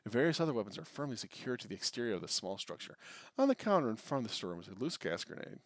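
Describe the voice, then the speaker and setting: A man's voice: mid-range voice, racing, no echo, clean studio sound. A man streaming a retro adventure game live, reading its text aloud and chatting to viewers. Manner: animated, swings between reading and reacting. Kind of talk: live game playthrough with narration read aloud.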